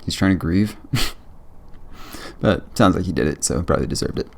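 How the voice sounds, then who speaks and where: A man's voice: low voice, animated, moderate pace, vocal fry. A man hosting a reaction video, chatting casually, joking and laughing as he reacts. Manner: joking, laughs often, offhand; enthusiastic sign-off to viewers. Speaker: reaction channel host.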